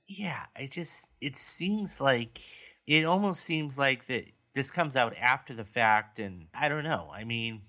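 A man hosts a casual podcast roundup of movie news. His voice is bright and forward, with middle pitch. He reads stories aloud and then chats about them. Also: expressive, measured pace, hardly any pauses. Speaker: podcast host.

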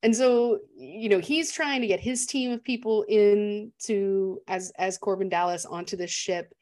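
Woman, podcast co-host, chatty animated movie talk, mid pitch. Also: a little slow. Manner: chatty and animated, laughs often. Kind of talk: casual movie discussion.

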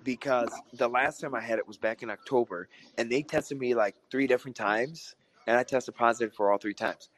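A hoarse man co-hosts a casual podcast chat, often clearing his throat and coughing. He rambles through his points and keeps putting questions to his partner. His medium-pitched voice is brisk and a bit bright.

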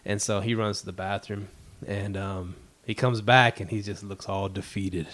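A man's voice: lowish voice, fairly even intonation, normal speed, a crowd in the background. A man co-hosting a podcast, chatting casually and telling a story with frequent laughs. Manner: laid-back storyteller, laughs often. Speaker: podcast co-host. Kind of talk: casual chat.

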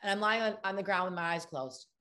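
An actress in an interview, telling lively anecdotes and acting out the lines of the people in them. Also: female voice, medium pitch, quick pace. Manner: animated storyteller, acts out other people's lines. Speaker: actress guest.

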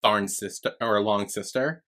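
A man's voice: lowish voice, a little slow, a bit bright. A man co-hosting a casual podcast over a remote call, spinning a rambling story full of fillers and swearing. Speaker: podcast co-host. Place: remote call from separate homes.

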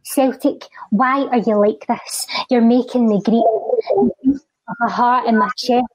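A woman's voice: fairly high pitch, animated, dry recording, highs cut off. Scottish woman, rhythmic spoken word delivery. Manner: rhythmic recital, then quick chatty talk. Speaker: charity guest and spoken word poet. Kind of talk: spoken word poem and casual chat.

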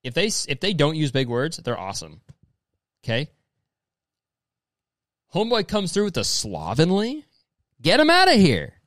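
A young man riffs through messages in loose, profane commentary, calling everyone "dude" and slipping into mocking voices. His pitch swings widely from line to line. The sound is dry and close, with no room around it. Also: sing-song, normal speed, pauses often, dry recording. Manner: profane, rambling, says "dude" constantly; mocking, slips into exaggerated quoted voices. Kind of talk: casual comedic commentary reading messages aloud.

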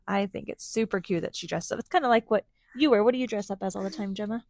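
A woman's voice: mid-range voice, quick pace, a little mellow. A woman reading a storybook aloud to her children, stopping often to ask them questions. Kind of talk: interactive read-aloud to children.

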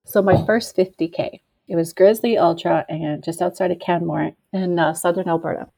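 A woman's voice: on the low side, steady tone, normal speed, vocal fry, dark tone, husky. A middle-aged woman, a trail runner, telling her own story in an earnest, reflective, loosely rambling way. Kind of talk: personal storytelling.

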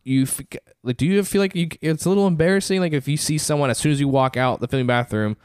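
A man's voice: a little high, quick pace, a little mellow, clean tone, no room sound, studio quality. A man co-hosting a casual chat, rambling through his points with lots of fillers and laughing at his own jokes. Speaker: podcast co-host.

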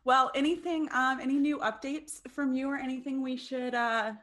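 A woman co-hosting a podcast in casual chat, bubbly and quick to laugh, full of eager questions. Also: high-pitched, steady tone, a bit bright. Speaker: podcast co-host.

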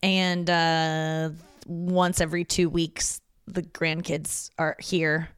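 A woman's voice: deep voice, level tone, slow pace, smooth, no echo, studio quality. A woman hosting her podcast, talking alone in a loose, candid, yawning ramble with plenty of swearing. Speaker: podcast host. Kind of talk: casual solo monologue.

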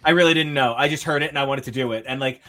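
A man's voice: mid-range voice, very fast, bright, forceful tone, soft background music. A young man in casual chat on a podcast, rambling through a story and acting out the voices of the people in it. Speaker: podcast co-host.

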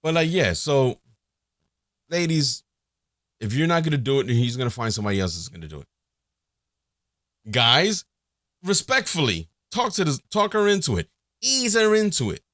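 A man talks alone on his podcast, crude and joking, tumbling from one thought to the next with plenty of fillers. His pitch leaps around animatedly. The sound is dry, with no room echo. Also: big pitch swings, normal speed, long pauses, fairly bright tone. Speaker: podcast host. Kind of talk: casual solo podcast monologue.

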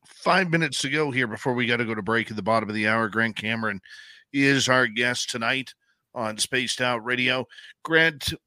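A man hosting a radio talk show, introducing his guest and asking questions briskly. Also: medium pitch, bright, forceful tone, no room sound.

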